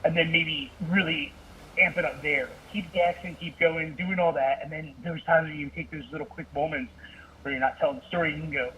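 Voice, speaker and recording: A man calling in to offer advice, hedging every point with fillers and putting himself down. His voice sits somewhat high and comes through a distant phone line. A faint hiss of noise lies under his words. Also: fairly even intonation, brisk, pushed and bright. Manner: hesitant, filler-heavy, self-deprecating. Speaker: caller, writer. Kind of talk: casual advice on a call.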